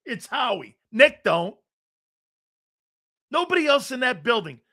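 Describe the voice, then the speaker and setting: Here a very animated sports radio host speaks a little slowly, his voice high for a man, bright and forceful. He's brash, ranting at callers in a blunt, combative way and cursing without hesitation.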